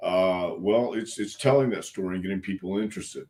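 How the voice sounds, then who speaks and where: Low-voiced older man telling stories. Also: brisk, a little mellow. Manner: frank, folksy, earnest, with some cussing. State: clearing a frog in his throat. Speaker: wrestling coach, interview guest. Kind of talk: casual storytelling interview.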